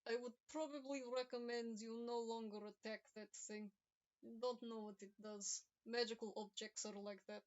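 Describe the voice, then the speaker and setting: A stern, formal toon stranger from a tabletop game, voiced by a woman. The speech is slow and clipped, and the tone is soft and fairly high. The recording is a little dull. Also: steady tone, close to an everyday voice. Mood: cautious.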